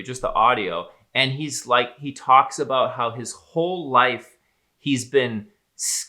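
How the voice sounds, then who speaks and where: A man's voice: medium pitch, pushed and bright. A man co-hosting a podcast, talking through his analysis in casual, rambling chat. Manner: rambling, emphatic, swears casually. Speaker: podcast co-host, psychologist.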